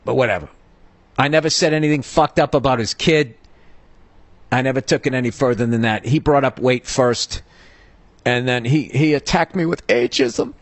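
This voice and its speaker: A man's voice: medium pitch, lively intonation, moderate pace, creaky, dry recording. Heated profane middle-aged man ranting. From United States. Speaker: podcast host. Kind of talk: comedic storytelling rant.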